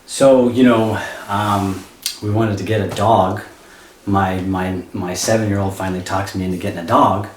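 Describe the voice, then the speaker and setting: A man's voice: lowish voice, fairly even intonation, moderate pace, roomy sound, slight background noise. Rambling man laughing at his own jokes. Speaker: amateur comedian. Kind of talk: stand-up comedy.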